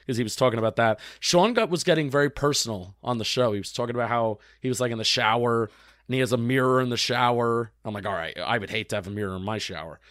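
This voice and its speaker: A young man co-hosting a casual sports podcast, chatty and quick to agree, often restarting his sentences. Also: mid-range voice, fairly bright tone, dry recording, clean studio sound. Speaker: podcast co-host.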